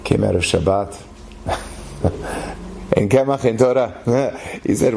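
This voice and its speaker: A man tells a story as a rabbi. He voices each character animation. His voice is mid-pitched, and faint noise sits under the recording. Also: unhurried, gravelly, darkish tone. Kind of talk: storytelling talk.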